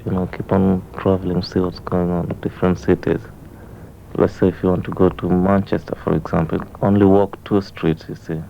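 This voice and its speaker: Man from Kenya, very deep, gravelly, flat delivery; dull 1970s broadcast with hiss. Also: fairly quick. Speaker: interviewee. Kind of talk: casual chat. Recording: muffled 1970s radio recording.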